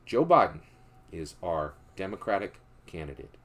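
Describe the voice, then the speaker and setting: His pitch swings widely and his pace is moderate as this Philadelphia man tells stories about politics, casual yet emphatic. Almost every line gets a quizzical "right?" tacked on, and his voice sinks soft and low for the moral points.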